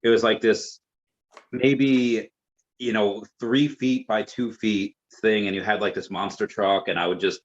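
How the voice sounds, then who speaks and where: A man's voice: fairly low pitch, fairly even intonation, unhurried. A man talking as an interview guest, chatty and rambling, with lots of fillers. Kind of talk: casual conversation. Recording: muffled lo-fi audio.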